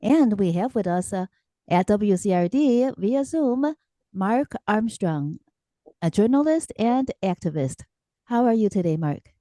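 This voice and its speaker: Radio host woman with a mellow voice. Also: medium pitch, animated, unhurried, no room sound, clean studio sound. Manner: hesitant questions with many fillers. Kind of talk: radio interview. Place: radio studio.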